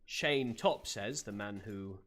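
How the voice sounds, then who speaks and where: A man's voice: fairly low pitch, slow, fairly bright tone. Chatty man streaming in character. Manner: chatty, laughs often, greets viewers by name; puts on an accent for his character. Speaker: streamer playing a roleplay character. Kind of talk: live gaming stream chat in character.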